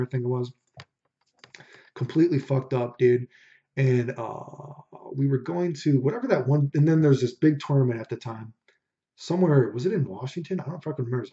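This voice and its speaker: A man's voice: mid-range voice, dark tone. A young man telling a profane, ranting story in casual podcast chat, saying "dude" again and again. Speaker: podcast host. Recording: dull lo-fi recording.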